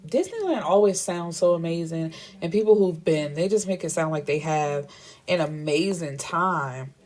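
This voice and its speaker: A woman's voice: sits low, expressive, normal speed, darkish tone. A young adult woman casually recapping a novel, retelling scenes through quoted dialogue with blunt asides of her own. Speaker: book reviewer.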